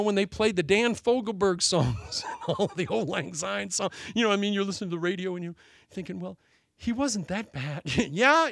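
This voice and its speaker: A man preaching a sermon as pastor, telling a story with animated delivery and laughing at his own jokes. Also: high-pitched, vocal fry, dry recording, studio quality.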